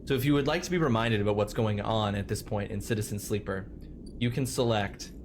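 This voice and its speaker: A man streaming a video game, chatting casually with animated, rambling asides. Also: on the low side, a little fast, slight background noise.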